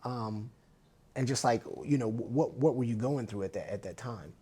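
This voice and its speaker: A man's voice: medium pitch, moderate pace, warm tone, breathy edge. A man hosting a podcast, asking plain questions in a casual interview and putting in short replies. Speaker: podcast host.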